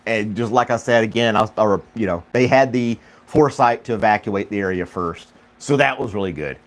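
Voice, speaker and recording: A man's voice: fairly low pitch, brisk. A man hosting a casual live-stream podcast from home, rambling easily and chuckling as he talks. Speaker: podcast host.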